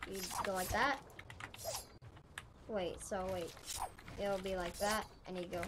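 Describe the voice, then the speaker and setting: Her medium-pitched voice stays steady and slow as she runs a casual gameplay tutorial on her gaming channel. She rambles and self-corrects while thinking aloud, with plenty of keyboard clicking making the recording noisy.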